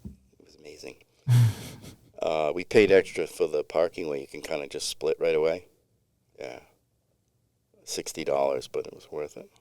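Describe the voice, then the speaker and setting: Middle-aged man, very low voice, smooth and resonant, rambling laid-back storyteller, dry close sound. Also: fairly even intonation, normal speed, pauses often, darkish tone, dry recording. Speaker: podcast co-host. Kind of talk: casual storytelling chat.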